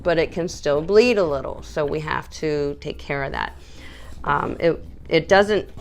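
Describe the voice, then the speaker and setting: A woman dog groomer explaining nail trimming and cooing soothingly at a nervous dog while she works. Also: medium pitch. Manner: soothing baby talk to the dog between instructions. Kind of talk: grooming demonstration. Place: grooming room.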